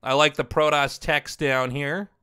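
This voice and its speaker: A man's voice: fairly high pitch, fairly even intonation, a little slow, pushed and bright, clean tone, no room sound, studio quality. A man in his thirties on a headset, casually commenting on fan drawings, laughing often and swearing now and then. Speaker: streamer reviewing fan drawings.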